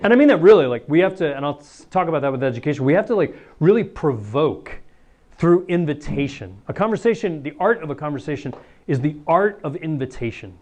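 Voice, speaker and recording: A man, a priest, giving a lively talk to students, acting out little scenes and laughing as he goes. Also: fairly high pitch, fairly quick. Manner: animated, acts out voices, laughs often.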